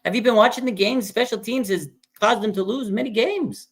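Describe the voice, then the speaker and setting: A man's voice: sits high, a little fast. Blunt, insistent man in sports debate. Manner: blunt and insistent, addresses co-host by name. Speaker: podcast co-host.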